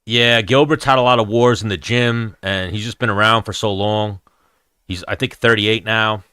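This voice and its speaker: A man's voice: on the low side, steady tone, normal speed, bright, forceful tone, clear, resonant tone, no echo, studio quality. A man, hosting a casual MMA chat stream in a blunt, profane, rambling way. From New York, USA. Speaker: MMA show host answering chat.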